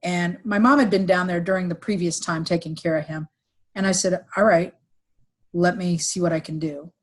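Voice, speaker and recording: A middle-aged woman recounting a painful family story on a podcast, with halting restarts and fillers, sometimes quoting others in livelier voices. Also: fairly low pitch, steady tone. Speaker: podcast guest, executive recruiter. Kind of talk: emotional personal storytelling.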